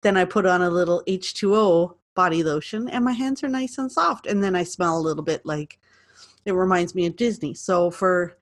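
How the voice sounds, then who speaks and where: A woman's voice: fairly low pitch, moderate pace. A woman co-hosting a podcast, chatting casually in an easygoing way. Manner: easygoing, laughs often. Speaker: podcast co-host. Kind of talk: casual chat.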